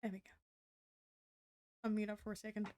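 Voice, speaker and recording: A woman's voice: medium pitch, monotone, a little fast, darkish tone, dry recording, studio quality. A young woman streaming late at night, chatting casually to viewers as she draws, swearing freely and laughing often. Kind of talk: casual late-night live-stream chat while drawing. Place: room at home.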